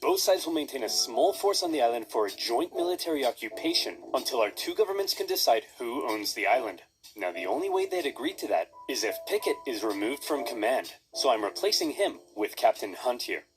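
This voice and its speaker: A man doing a gruff, exasperated old general. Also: mid-range voice, very animated, brisk, faint music behind, natural voice, poor audio. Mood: stern. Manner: bossy, exasperated. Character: gruff, exasperated senior army general, older.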